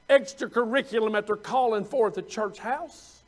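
Male preacher, very high voice, folksy and conversational with loud emphatic peaks. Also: normal speed, soft background music. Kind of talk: sermon.

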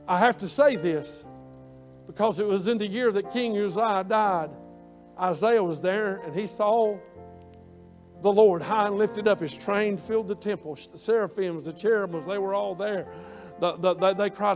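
Male preacher, high-pitched, impassioned and repetitive delivery, faint music behind. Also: normal speed. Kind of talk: sermon.

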